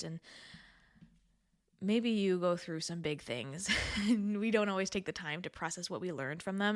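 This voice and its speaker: A woman's voice: lowish voice, no room sound, studio quality. A young adult woman hosting a solo podcast in a chatty, earnest way, laughing often and repeating words for emphasis. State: has the hiccups. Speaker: podcast host. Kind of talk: casual solo podcast talk.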